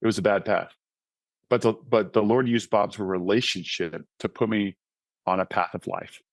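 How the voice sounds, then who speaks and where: A man with a fairly low voice recounts his own life story as a podcast guest, earnest and conversational, often tossing in a quick "right?". The sound is dry and close, with no room echo. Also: fairly even intonation. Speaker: podcast guest, author and mentoring ministry founder. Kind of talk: personal testimony in casual conversation.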